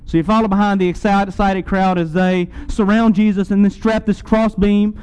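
High-voiced man preaching a vivid sermon. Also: fairly even intonation, normal speed, clear, resonant tone, low-quality recording. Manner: dramatic second-person retelling, swings loud and soft.

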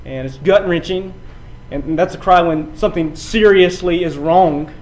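A man preaching a sermon, building from quiet passages to loud, emphatic runs and often repeating his words. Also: fairly high pitch, moderate pace, poor audio. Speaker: pastor.

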